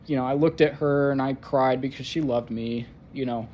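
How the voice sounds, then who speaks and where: A young man rambles through a personal vlog monologue in a mid-range voice, stumbling over fillers and swearing freely. His talk breaks now and then into strained, higher outbursts. A faint hiss of background noise sits under the recording. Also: fairly even intonation, darkish tone. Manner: halting, full of fillers and profanity, rising to pained outbursts. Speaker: vlogger.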